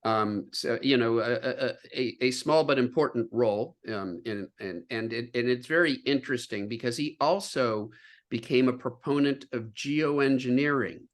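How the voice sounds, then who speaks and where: A man's voice: mid-range voice, moderate pace. A man being interviewed as a scientist on a video call, explaining earnestly with frequent fillers and restarts. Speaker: guest scientist.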